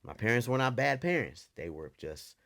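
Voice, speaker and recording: A man's voice: medium pitch, very animated, moderate pace, vocal fry, a bit bright. A man co-hosting a podcast, telling candid stories from childhood in a loose, casual way. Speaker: podcast co-host. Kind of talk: casual chat.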